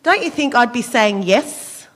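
An Australian woman, a senator, giving an impassioned political speech at a forum, measured and emphatic with a cutting, sarcastic edge. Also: a little high, animated. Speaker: senator speaking at a public forum.

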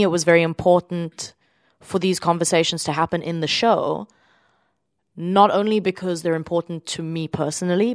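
Woman, stage actress, deep low voice, dry close sound, earnest and searching. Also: no echo. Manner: earnest, thoughtful, many fillers. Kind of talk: interview answer.

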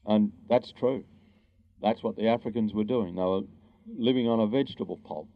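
An Australian man gives a public talk with real indignation, firing off rhetorical questions and leaning hard on slow, emphatic words. His voice sits fairly low. The recording is muffled and lo-fi. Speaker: speaker giving a public talk.

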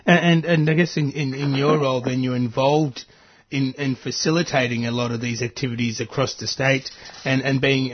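Man, mid-pitched voice, conversational radio host who restarts his sentences; dull lo-fi sound. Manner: conversational, stumbling restarts, agreeable fillers. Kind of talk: radio interview.

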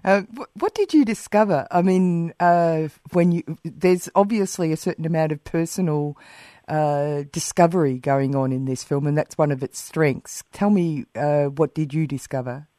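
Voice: medium pitch, moderate pace, dark tone, no room sound, clean studio sound. A radio interviewer asking musing questions with many fillers.

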